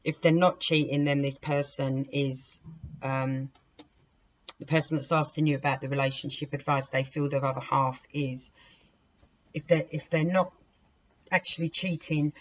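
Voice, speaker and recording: A woman's voice: low-pitched, little pitch movement, measured pace. A woman giving a casual, rambling tarot reading to her viewers, chatting to the cards as she deals them. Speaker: tarot reader. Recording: dull lo-fi recording with faint hiss.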